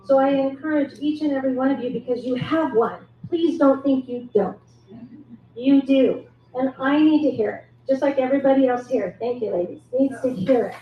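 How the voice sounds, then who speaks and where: A middle-aged woman, a forgiveness coach, speaking earnestly and encouragingly to a live audience at a measured pace. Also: high-pitched. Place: echoey event room at a wine cellar. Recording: echoey room, muffled sound, faint noise.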